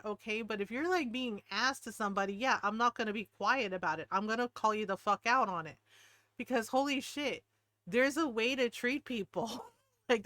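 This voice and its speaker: Bright, clear-voiced storytelling woman. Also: a little high, no room sound. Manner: animated, acts out quotes, laughs often. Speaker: streamer. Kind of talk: casual storytelling chat.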